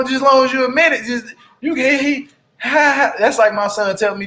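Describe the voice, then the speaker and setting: High-voiced man ranting a reality recap. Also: brisk, sharp tone. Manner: blunt, profane, heated; keeps asking "you hear me?". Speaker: TV reality show recap YouTuber. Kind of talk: casual ranting commentary.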